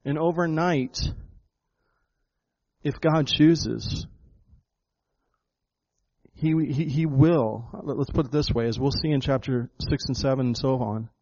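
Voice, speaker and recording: A man's voice: mid-range voice, steady tone, takes it slowly, pauses often, darkish tone, lo-fi sound. A pastor preaching a sermon to his congregation, emphatic, often repeating words and calling them folks. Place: church hall with a congregation.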